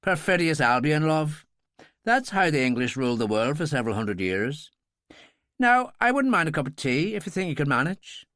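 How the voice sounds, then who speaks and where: A seasoned middle-aged pilot, as a male narrator plays him, cool and wry with a lively, rising and falling delivery. The sound is dry and close. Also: a little high, normal speed, no echo.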